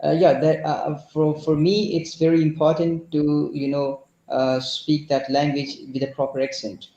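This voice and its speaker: Pakistani-accented man, class participant, halting delivery, mellow tone, slightly high voice. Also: flat delivery, reverberant, highs cut off. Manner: hesitant, many fillers and restarts. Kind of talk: explaining in an online conversation class.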